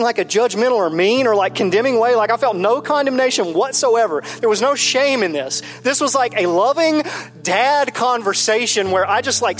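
A man in his thirties, a pastor telling a personal story in a candid, conversational sermon. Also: extremely high pitch. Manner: candid, personal, builds to emphatic then soft.

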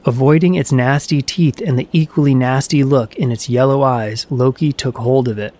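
Man narrating a myth in a measured voice. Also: mid-range voice, darkish tone. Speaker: storyteller.

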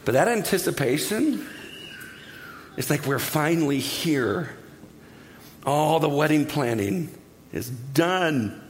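A middle-aged pastor preaches with a voice pitched a little higher than most men's. He tells jokey stories in an animated way, then drops to a hush to pray. The sound carries a long echo from a large hall. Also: slow pace, pauses often. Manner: animated, jokey storytelling that drops to a hushed prayer. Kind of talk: sermon. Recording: echoey hall.

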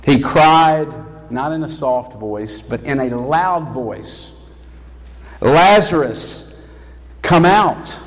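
A man preaching a sermon as pastor, emphatic and rising to loud calls. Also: medium pitch, takes it slowly. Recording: long hall reverb.

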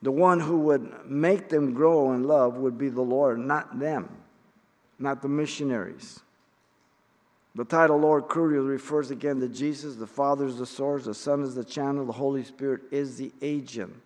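A middle-aged man leads a Bible study, working through the text in a measured, emphatic teaching voice. He pauses often and now and then drops in a filler. His voice rings with the long reverb of a church hall. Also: medium pitch, steady tone.

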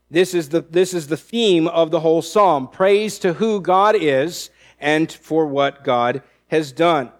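A man preaching a verse-by-verse sermon, reading scripture aloud and explaining it with frequent restarts. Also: fairly high pitch. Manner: teaching, reads scripture aloud, many restarts. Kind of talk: expository sermon.

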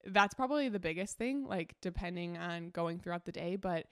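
A young adult woman hosting a podcast, a mother chatting casually about parenting with many fillers and quick laughs. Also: lowish voice, a bit bright, clean tone, no room sound, studio quality. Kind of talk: casual solo podcast chat.

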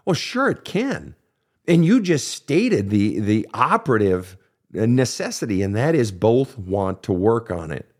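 A middle-aged podcast host and counselor with a lowish, sing-song voice speaks a little slowly as he answers listener questions in a casual advice monologue. He is blunt, profane, and emphatic, quoting people in mocking voices.

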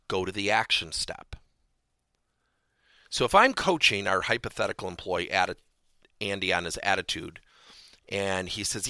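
A man hosting a podcast lesson on workplace coaching, animated and repeating his key points for emphasis. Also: lowish voice, normal speed, dry recording, studio quality.

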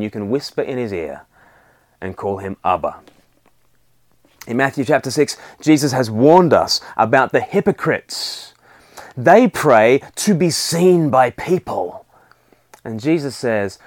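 An earnest male preacher delivers a devotional sermon in a voice of ordinary middle pitch. He is recorded close and dry, with no room sound, and he drops to a soft hush whenever he quotes a prayer. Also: dry recording.

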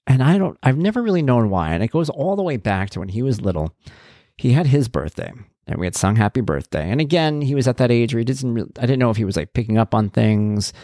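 A man's voice: medium pitch, animated, quick pace, warm tone, dry recording, studio quality. A man, a parent blogger, talking in a rambling, conversational way with wry, blunt humor. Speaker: parent blogger talking about his son. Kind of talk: casual spoken monologue.

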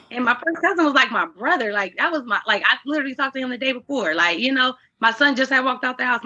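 A woman's voice, bright and edged with a husky breathiness, sitting slightly high. She talks as a guest in an earnest, faith-driven way, restarting her sentences as she goes. The audio is dull and lo-fi. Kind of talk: candid conversational interview.

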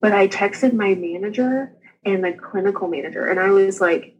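This is a woman, talking as a podcast guest. Her voice is breathy and a bit husky, and it sits at an ordinary middle pitch. She tells her story candidly in an animated, conversational way, breaking in with quick asides. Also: lo-fi sound. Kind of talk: casual storytelling interview.

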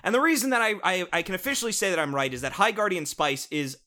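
A young podcast co-host reviews cartoons in a sarcastic, profanity-filled comedic rant, casual in feel. His high-pitched voice is bright and forceful, sing-song in delivery and quick in pace.

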